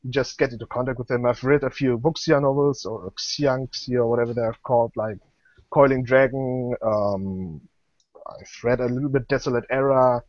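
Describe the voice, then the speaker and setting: Heard over a dull-sounding video call with no room sound, this young guest author speaks at a moderate pace in a slightly mellow, mid-range voice with fairly even intonation. German is his first language, and in this casual online interview he's hesitant, with frequent fillers and restarts.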